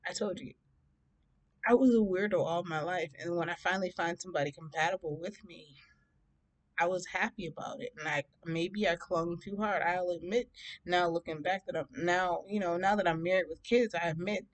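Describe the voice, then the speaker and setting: A woman in her thirties from Detroit telling a personal story in a casual, animated way, often laughing and acting out both sides of the conversations. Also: on the low side, normal speed. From Detroit, USA. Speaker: storytime vlogger.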